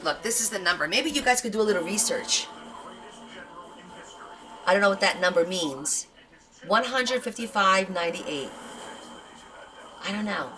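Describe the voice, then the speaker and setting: A woman's voice: medium pitch, animated, moderate pace, long pauses, bright, forceful tone, faint music behind. Woman craft host, casual live show-and-tell, gushing and chatty; voice swoops up and down a lot. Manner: chatty, gushing over thrift finds.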